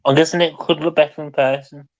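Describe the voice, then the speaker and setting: A man's voice: fairly high pitch, flat delivery, fast talker, muffled recording. A man co-hosting a podcast in casual chat. He teases his co-host, chuckles often and drops in short remarks.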